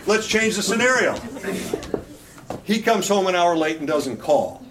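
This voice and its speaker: A middle-aged man with a high voice and lively intonation speaks a little slowly against a noisy background as he runs a marriage workshop. Joking and quizzing the couples, he keeps tossing in "right?", and the live audience can be heard reacting.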